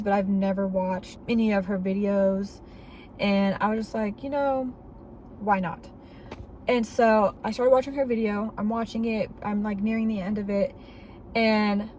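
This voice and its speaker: A woman at a mid pitch tells her own faith story in a vlog, earnest and candid. She talks casually, with the odd filler. Faint ambient noise sits behind her voice. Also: a little mellow, low-quality recording. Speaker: faith vlogger. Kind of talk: personal testimony storytelling.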